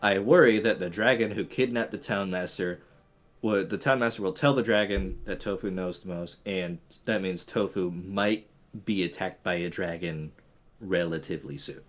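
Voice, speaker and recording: A man playing a tabletop game, earnest and a little halting as he explains his worries. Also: deep voice. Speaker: player. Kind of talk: tabletop role-play.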